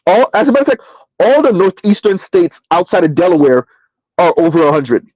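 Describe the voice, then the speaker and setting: A man hosting a casual livestream, reading numbers aloud and answering his chat in a relaxed, chatty way. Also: sits high, fairly quick, dry recording, lo-fi sound. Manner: casual, chatty, addresses listeners as y'all. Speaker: livestream host.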